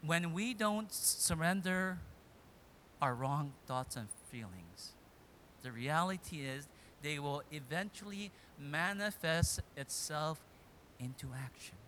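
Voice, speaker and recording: A man preaching a sermon, retelling a story dramatically and swinging between loud and hushed delivery. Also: fairly high pitch, expressive, slow pace, slight background noise.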